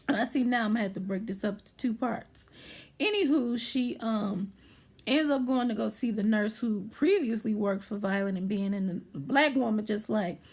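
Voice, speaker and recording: Husky lady vlogger going through a movie plot, kinda high voice, really animated. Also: normal speed. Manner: animated storyteller, keeps checking in with the listener. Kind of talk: casual movie retelling.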